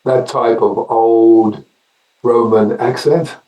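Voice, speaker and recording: An older man with an Australian accent, a guest actor telling wry anecdotes in a casual interview, often halting and restarting. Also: mid-range voice, steady tone, warm tone, roomy sound, distant mic, low-quality recording.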